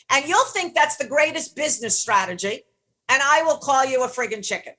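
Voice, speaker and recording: Blunt, bright-voiced female coach. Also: sits high, animated, a little fast. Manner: blunt, emphatic, with casual swearing. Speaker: leadership and performance coach. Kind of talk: motivational teaching session.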